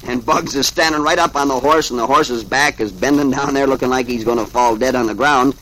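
A man's voice: mid-range voice, fairly quick, few pauses, fairly bright tone, slight background noise, rough recording. A man, reading comic strips aloud to a child in a chatty, folksy way. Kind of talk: folksy read-aloud storytelling.

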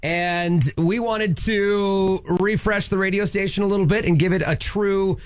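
A man on a radio morning show, animated and teasing as he talks up the station. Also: high voice, unhurried, clean tone. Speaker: radio host. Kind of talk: casual radio banter. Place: radio studio.

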